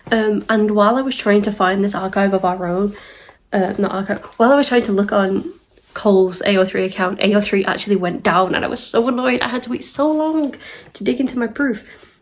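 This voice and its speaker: A woman's voice: medium pitch, brisk. A young woman from the UK giving a casual commentary vlog, chatty and exasperated, with many ums and nervous laughs. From United Kingdom. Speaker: YouTube commentator.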